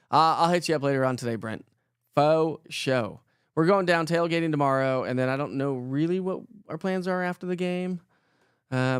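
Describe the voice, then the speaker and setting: This Colorado man runs a weather livestream, speaking in a smooth mid-range voice captured as clean studio sound without echo. Chatty and jokey, he keeps things upbeat, reading viewer comments aloud and saying hello to each by name.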